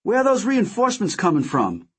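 A man voicing a brash, excitable young woman fighter pilot in an audiobook. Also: high-pitched, a little fast, slightly rough, pitched above the performer's own voice, full character voice. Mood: urgent. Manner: cocky, excitable. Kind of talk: audiobook character voice.

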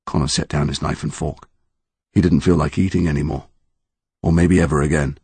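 A man narrating a story in a measured, expressive way. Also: very deep voice, slightly rough, no room sound. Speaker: audiobook narrator. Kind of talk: scripted narration.

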